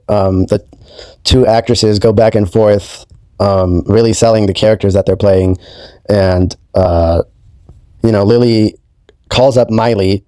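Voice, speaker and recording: A man's voice: lowish voice, mellow, no echo. A young adult man hosting his own channel, recapping a show in a casual way, hesitant and full of ums and you-knows. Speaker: YouTube host.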